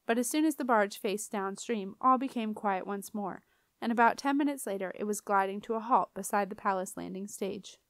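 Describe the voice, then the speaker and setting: A woman narrating a children's fantasy audiobook. Her reading is even and expressive. The recording is dry and close, with no room sound. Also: medium pitch, normal speed, no room sound. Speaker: audiobook reader. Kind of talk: storybook narration.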